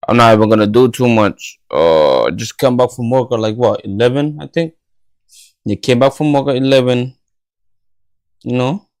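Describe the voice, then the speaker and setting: A man's voice: medium pitch, expressive, moderate pace. A tired, half-asleep young man hosting a late-night livestream at home, rambling in slangy casual chat. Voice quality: tired, drowsy, mumbling. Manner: slangy, rambling, self-talking. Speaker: livestream host. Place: home bedroom.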